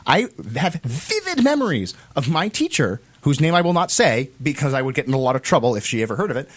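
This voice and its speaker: A man's voice: on the high side, sing-song, fairly quick. A man from the United States giving opinionated political commentary as co-host, emphatic and repeating phrases for stress.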